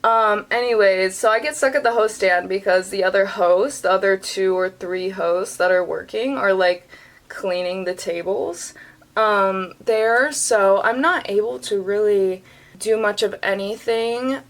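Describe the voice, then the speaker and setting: A woman's voice: mid-range voice, unhurried. Chatty young woman telling a storytime. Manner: chatty and animated, heavy use of "like". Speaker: vlogger. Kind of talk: casual storytime chat.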